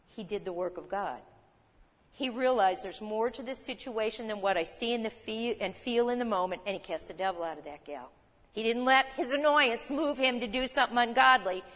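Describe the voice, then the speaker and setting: A woman preaching a sermon, reading scripture and acting out the people in it with lively voices. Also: fairly high pitch, in a large hall. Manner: animated, acts out Bible figures in voices.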